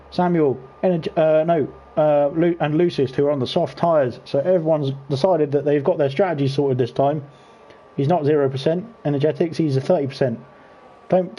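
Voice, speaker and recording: His voice is a little high and fairly quick with a breathy edge, though the audio is dull. A British man hosting an online racing league from home, he commentates casually on sim races, chatty and teasing with the drivers and livelier when the racing picks up.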